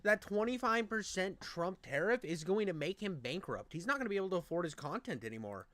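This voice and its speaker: Casting: a high-pitched man, dry close mic, crude and mocking reaction commentary. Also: fairly quick, no room sound. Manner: mocking, profane, excitable. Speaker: stream host reacting to a video.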